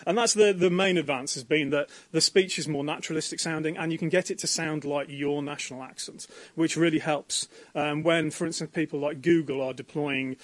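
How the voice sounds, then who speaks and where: A man's voice: on the high side, steady tone, brisk, hardly any pauses, no room sound. A man organising a coding event, talking keenly and explaining in a radio interview on a university campus. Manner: enthusiastic, explanatory, with fillers.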